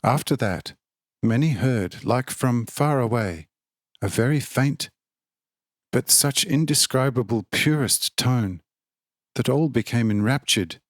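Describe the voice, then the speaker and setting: Male narrator with a steady, formal reading style and a mid-range voice, recorded dry and close. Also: medium pitch, takes it slowly, no room sound. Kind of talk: scripted audiobook narration.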